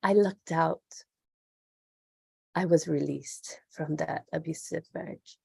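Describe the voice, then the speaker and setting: Woman, low voice, heavy vocal fry, breathy huskiness, earnest, middle-aged, podcast guest. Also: slow, a little mellow, dry recording, clean studio sound. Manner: earnest, open and reflective. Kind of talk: candid interview conversation.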